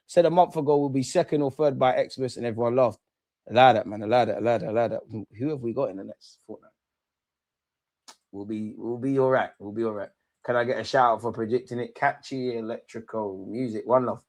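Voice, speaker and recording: A young man hosting a livestream football reaction, ranting and taunting his chat. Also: on the high side. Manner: excitable, taunting, shouts at chat. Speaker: fan channel host.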